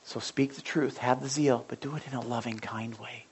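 A young man preaching a sermon as a pastor in a blunt, animated storytelling way, swinging from loud outbursts to quiet asides. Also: mid-range voice, normal speed, gravelly, slightly rough. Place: church sanctuary.

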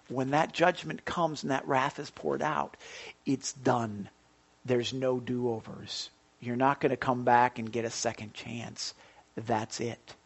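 A pastor preaches a sermon in an animated, mid-range voice that's creaky and slightly rough. He swings widely from soft to loud and repeats words as he begins his sentences.

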